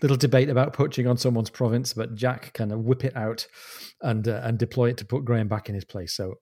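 A man co-hosts a relaxed book podcast, reading passages aloud and savouring the wording. His voice is warm and mellow. He talks at a middling pitch. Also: fast. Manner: enthusiastic, relishing the text. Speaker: podcast co-host. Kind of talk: casual book discussion with read-aloud passages.

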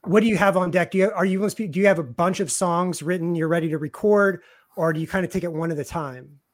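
Casual radio host, middle pitched, rambly, stumbles over words. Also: fast. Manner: rambling, repeats words while thinking aloud. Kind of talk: casual interview hosting.

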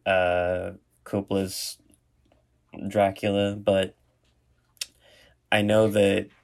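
A man's voice: low voice, flat delivery, extremely slow, vocal fry, a little mellow. A young man hosting a podcast, rambling jokily with lots of fillers. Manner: rambling, filler-heavy, jokey. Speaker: podcast host. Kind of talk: casual chat.

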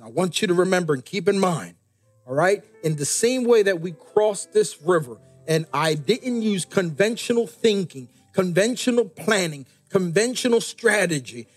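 A middle-aged pastor with a high male voice preaches a sermon, stressing words slowly and repeating key lines. He drops in light jokes for the congregation, and soft music plays faintly behind him.

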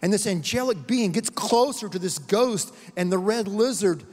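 A man's voice: high voice, moderate pace, darkish tone, in a large hall. A man preaching a sermon, earnest and repeating words for emphasis as he tells a story. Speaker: pastor.

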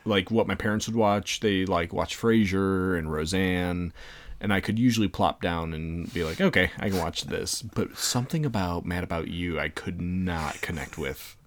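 Low-voiced man in easygoing podcast chat. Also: normal speed. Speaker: podcast co-host. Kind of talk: casual chat.

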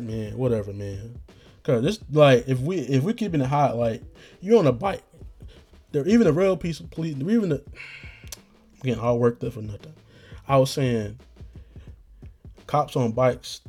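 Profane, rambling young man with mellow voice. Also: mid-range voice. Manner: slangy, profane, animated retelling with acted-out quotes. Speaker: podcast host. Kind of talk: rambling casual storytelling.

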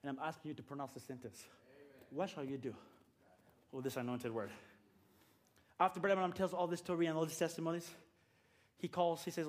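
A man preaching a sermon in a church, moving from quiet storytelling to loud, repeated calls to the congregation. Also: a little high, a little fast. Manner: builds from quiet storytelling to shouted, repetitive exhortation.

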